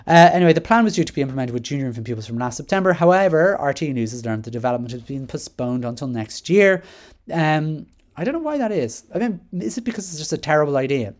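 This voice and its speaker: A man's voice: fairly high pitch, quick pace. Sarcastic Irish man ranting casually. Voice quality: animated, sarcastic, exasperated, with frequent restarts. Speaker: commentator reading and critiquing an article. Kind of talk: casual spoken commentary.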